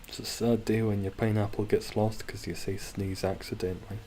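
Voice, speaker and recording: A man's voice: on the low side, flat delivery, brisk, dark tone, a little hiss or hum. A man streaming a game from home, rambling wryly and chatting with his viewers between moves. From Scotland. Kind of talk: casual livestream chat while gaming.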